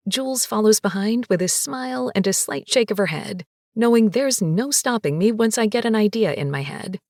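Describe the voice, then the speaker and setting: A woman narrating a first-person audiobook with a lively, sassy and expressive delivery. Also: medium pitch, moderate pace, dry recording, clean studio sound.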